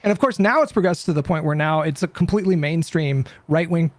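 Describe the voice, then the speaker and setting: Explanatory male panelist, slightly high voice, dry close sound. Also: fast talker, dry recording. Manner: explanatory, profane. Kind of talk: casual political talk.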